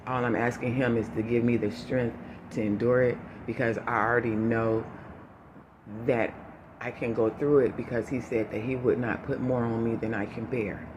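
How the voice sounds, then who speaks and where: Guy giving a choked-up update to his viewers, halting, lots of ums, steady background noise. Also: medium pitch, lo-fi sound. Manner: halting, with many fillers and restarts, holding back tears. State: emotional, choking up. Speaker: vlogger giving a family update. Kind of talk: unscripted personal update to viewers.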